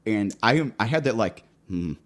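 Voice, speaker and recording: Low-voiced man telling a story on a podcast. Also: lively intonation, measured pace. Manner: laid-back storyteller, repeats words and restarts, laughs at his own story. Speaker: podcast host. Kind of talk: casual podcast chat.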